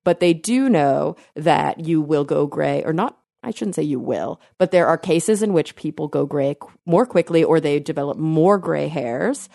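A woman co-hosting a podcast, explaining science in a chatty way, thinking aloud with fillers and quick self-corrections. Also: deep voice, expressive, creaky, warm tone, dry recording, studio quality. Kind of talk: casual science chat.

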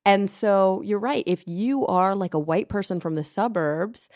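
A woman hosting a casual conversation, speaking in a reflective, hesitant way with many pauses and fillers. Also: mid-range voice, darkish tone, dry recording, clean studio sound.

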